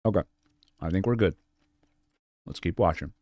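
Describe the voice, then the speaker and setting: A man with a fairly low voice gives live-stream coaching on gameplay. He is blunt and direct, repeats his points and fills the gaps with filler words. The sound is dry and close, with no room echo. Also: moderate pace, a little mellow. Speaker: game coach.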